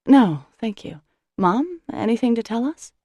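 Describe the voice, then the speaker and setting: A woman's voice: a little high, expressive, measured pace, dark tone, no room sound, voice pushed up. A woman voicing an earnest, emotional older sister who speaks in a careful, pleasant social-worker tone. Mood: carefully pleasant.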